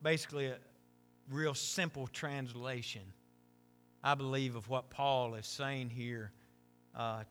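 A man's voice: medium pitch, fairly even intonation, slow pace, pauses often, a bit bright, faint music behind. A middle-aged male pastor preaching a conversational sermon with self-deprecating humor and frequent asides.

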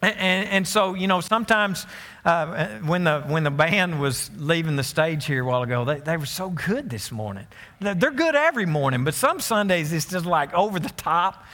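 A pastor preaching to his church in a folksy, storytelling way. He often restarts his sentences and turns to the congregation with asides. His man's voice sits a little high and carries a long church reverb. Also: lively intonation, normal speed, sharp tone. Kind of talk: sermon. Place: church sanctuary.

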